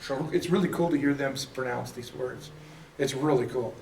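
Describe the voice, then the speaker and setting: A man's voice: mid-range voice, moderate pace, vocal fry, darkish tone, a little hiss or hum. Chatty man teaching in an echoey room. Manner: chatty, self-deprecating, laughs often. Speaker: Bible study teacher. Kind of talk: casual classroom teaching. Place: church classroom. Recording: echoey room, mic at a distance.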